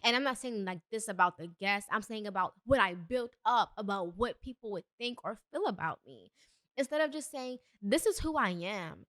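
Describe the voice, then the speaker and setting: An expressive young woman hosts a motivational podcast alone, earnest and a little preachy, with emphatic bursts. She speaks at normal speed in a mid-range, fairly bright voice, recorded studio-quality with no echo.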